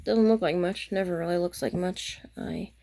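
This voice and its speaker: A woman's voice: fairly low pitch, fairly even intonation, moderate pace, dark tone. A tired woman chatting casually to the camera late at night about her stitching, rambling and losing her words. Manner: rambling, self-interrupting, chatty. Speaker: craft vlogger.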